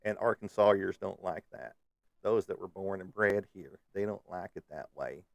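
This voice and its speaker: Host type: male, low and gravelly, loose joking ramble, dry close mic. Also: moderate pace, no echo. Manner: rambling, joking, lots of fillers. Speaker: live stream host. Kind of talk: casual live chat with viewers. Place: Kansas City area.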